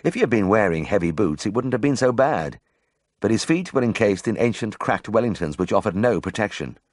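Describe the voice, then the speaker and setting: A man's voice: fairly low pitch, expressive, brisk, a little mellow, dry recording, clean studio sound. A man narrating a memoir audiobook in the first person, telling the story expressively.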